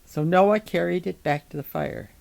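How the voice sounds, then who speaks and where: A woman reading a novel chapter aloud in an even, measured storytelling manner. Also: lowish voice, vocal fry, rough recording.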